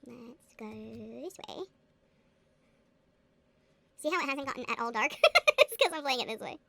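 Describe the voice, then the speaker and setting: A gaming booktuber chats to herself while playing a game, giggly and playful, sometimes slipping into a mock accent for fun. Her voice is high, animated, fast, bright and forceful in this casual game commentary.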